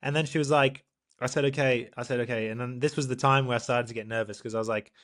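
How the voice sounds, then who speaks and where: A young man, a professional triathlete, co-hosting a podcast and telling a story in a lively, animated way, acting out what people said. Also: medium pitch, fast. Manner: animated storyteller, acts out quotes, laughs often. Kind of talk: casual storytelling chat.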